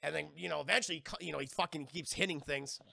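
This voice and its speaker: Recapping a TV episode for his chat, a streaming man swears freely, rambles, and keeps talking directly to viewers while doing the characters' lines in quick voices. His voice is slightly high, gravelly, pushed, and bright, with clean, echo-free studio sound.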